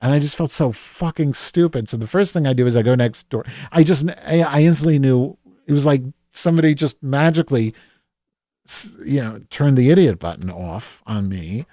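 A man's voice: mid-range voice, normal speed, warm tone, dry recording, clean studio sound, natural voice. A man playing a cranky, foul-mouthed office worker named Madge in an improvised comedic monologue, rambling and mocking himself with many restarts. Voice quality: rambling, swearing, self-deprecating, many restarts. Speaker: podcast host in character.

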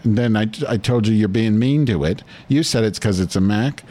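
A man's voice: fairly low pitch, moderate pace, mellow. A man hosting his own podcast, swearing constantly and insulting a caller in a crude, abrasive way. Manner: foul-mouthed, abrasive, mock-insulting. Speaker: podcast host. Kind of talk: crude profane call-in chat.

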